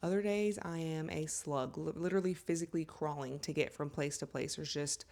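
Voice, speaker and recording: Woman vlogger, thirties, lower voice, animated, self-mocking storyteller. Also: fairly quick. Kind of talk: casual storytelling to camera.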